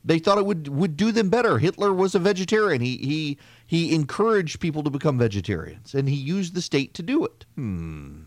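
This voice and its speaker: A man's voice: fairly high pitch, very animated, a little fast, hardly any pauses, no echo. A man hosting a political podcast, delivering an opinionated, conversational monologue with frequent restarts and sarcastic asides. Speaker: podcast host.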